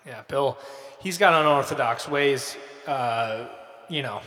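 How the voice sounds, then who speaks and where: A man's voice: medium pitch, slow, bright, forceful tone. A man playing a crude, blunt TV news producer who stammers and curses. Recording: long hall reverb.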